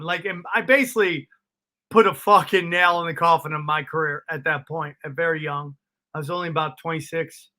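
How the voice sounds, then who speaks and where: Swearing liberally and tossing out "dude" and "bro," this middle-aged man is a comedian guest spinning lively stories in a relaxed interview. His pitch runs somewhat high.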